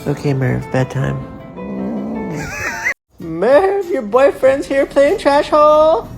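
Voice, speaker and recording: A woman's voice: high voice, big pitch swings, slow, vocal fry. A woman casually chatting to her pet cat in a playful, teasing baby-talk way. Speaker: cat owner. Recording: music playing behind the voice.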